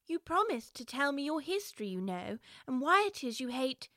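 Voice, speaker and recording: A woman's voice: high voice, very animated, normal speed, sharp tone, heavily acted. A woman voicing an eager, earnest little girl in a storybook.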